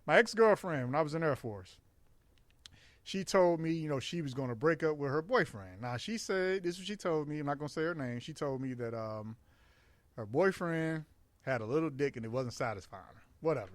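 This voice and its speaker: A man's voice: on the high side, expressive, fairly quick, no room sound. A middle-aged man co-hosting a podcast, telling loose, crude stories in casual chat and laughing often. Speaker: podcast co-host.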